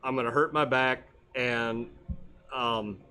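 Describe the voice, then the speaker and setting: A man, a fishing captain co-hosting a casual fishing show, wry and easygoing, often trailing off quietly. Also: medium pitch, fairly even intonation, slow pace, clean tone.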